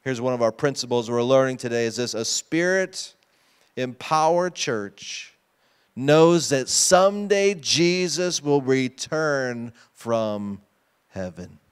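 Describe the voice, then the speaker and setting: Smooth-voiced man preaching a sermon. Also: medium pitch, expressive, slow pace. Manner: emphatic, asks the congregation questions. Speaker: pastor. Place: church sanctuary.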